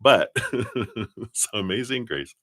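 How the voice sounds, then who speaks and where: Giggly low-voiced man reading tarot live. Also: animated, slow pace, no room sound, clean studio sound. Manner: giggly, laughs often, chatty; warm, affirming, spiritual talk. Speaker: tarot card reader.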